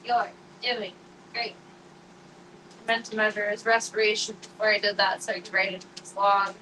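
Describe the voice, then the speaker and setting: A woman's voice: medium pitch, little pitch movement, moderate pace, noisy background. A young woman streaming from her home kitchen, chatting casually and rambling with lots of filler words. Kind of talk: casual chat.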